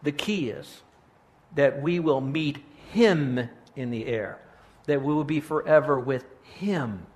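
A man's voice: medium pitch, takes it slowly, a little mellow. A middle-aged male pastor preaching a sermon, earnest and pastoral, often restarting his sentences.

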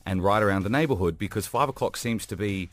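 A man co-hosting a radio show, telling a funny story in casual, animated chat with self-mocking humor and a noticeable accent. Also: fairly low pitch, fast talker, no echo, faint music behind. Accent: non-local accent.

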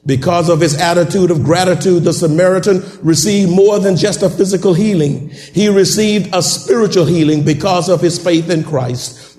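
A man preaching a sermon in a church, calling out to the congregation and rising to shouts. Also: on the high side, roomy sound.

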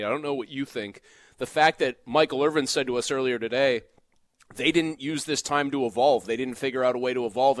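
Man, sports radio co-host, animated, ranty, dry close studio sound. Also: mid-range voice, no room sound. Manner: animated, heated, quick to rant. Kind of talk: sports talk radio banter.

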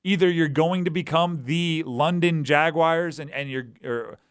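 A man hosting a sports talk radio show, animated and acting out voices as he argues his points. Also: a little high, measured pace, clear, resonant tone. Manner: animated, acts out quoted voices.

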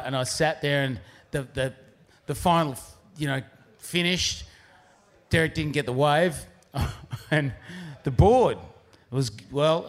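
Man, slightly high voice, rambling storyteller, casual surf yarn. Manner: rambling, restarts often, laughs through punchlines. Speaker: pro surfer telling a story.

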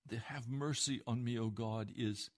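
A man preaching a sermon, moving from hushed, slow phrases to impassioned pleading. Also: medium pitch, steady tone.

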